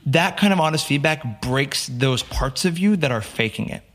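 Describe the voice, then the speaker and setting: A man from the United States, a podcast guest, telling lively stories and acting out the lines of the people in them. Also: medium pitch, normal speed. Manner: animated storyteller, acts out quotes. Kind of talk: casual storytelling interview.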